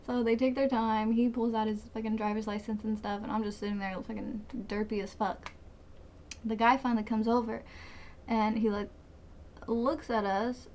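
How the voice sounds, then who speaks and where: A woman's voice: fairly high pitch, a little mellow, slight background noise. A woman in her twenties telling a rambling, profane story in a dramatic, casual storytime way. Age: 20s. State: sweating, hot. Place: hot room.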